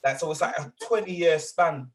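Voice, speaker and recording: A man's voice: on the high side, moderate pace. A man in his thirties with a London accent, chatting as a guest in a casual interview, emphatic and full of slang. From England. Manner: animated, emphatic, full of street slang and repeated asides. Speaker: grime artist guest.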